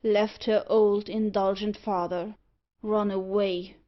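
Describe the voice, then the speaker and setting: A woman's voice: mid-range voice, level tone, slow, muffled recording, lightly acted. A woman reading aloud, voicing a stout middle-aged merchant who speaks urgently and mournfully.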